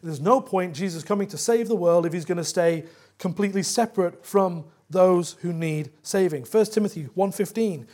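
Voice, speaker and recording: Pastor with a high, bright-sounding male voice working through scripture, earnest and emphatic. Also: normal speed. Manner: earnest expository preaching, rising to emphatic. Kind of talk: sermon.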